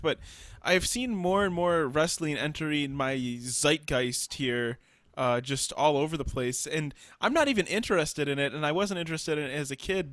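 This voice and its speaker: A man's voice: a little high, a bit bright, no echo. A man co-hosting a casual podcast, joking and teasing his friends. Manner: joking, teasing, breaks into laughs. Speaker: podcast co-host. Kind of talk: casual chat.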